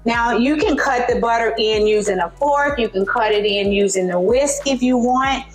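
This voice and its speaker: A woman's voice: a little high, moderate pace, faint music behind, low-quality recording. A woman with a Southern US accent hosting a cooking video in her home kitchen, chatting to viewers as she works and checking in with frequent okays. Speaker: cooking channel host. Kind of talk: casual cooking demonstration.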